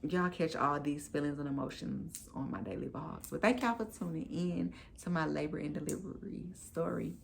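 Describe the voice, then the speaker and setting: A woman's voice: sits low, moderate pace, creaky, few pauses, a little hiss or hum. A woman in her thirties, a new mom telling her story to camera in a candid, chatty, emphatic way.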